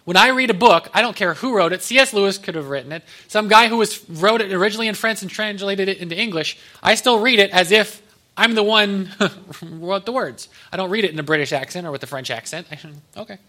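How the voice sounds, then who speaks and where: A man's voice: high-pitched, fast talker, sharp tone. A man pastor giving a conversational sermon, with joking asides to the congregation.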